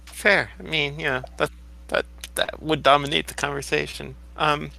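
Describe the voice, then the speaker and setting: A man's voice: on the high side, steady tone, normal speed, creaky, sharp tone, poor audio. A man narrating as game master, explaining at length with loose fillers and restarts.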